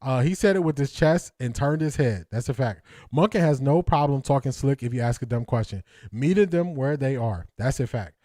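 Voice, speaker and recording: A man's voice: medium pitch, expressive, normal speed, few pauses, mellow, no room sound, clean studio sound. A man hosting a casual live stream, reading comments aloud, laughing often and repeating catchphrases in slangy talk. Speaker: host.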